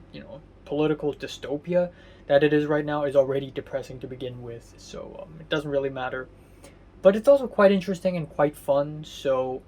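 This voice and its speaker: Man, home vlog diary, rambling and sardonic, slightly high voice. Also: darkish tone. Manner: rambling, halting with many fillers and restarts; candid and mildly sardonic. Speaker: vlogger. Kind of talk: casual spoken diary.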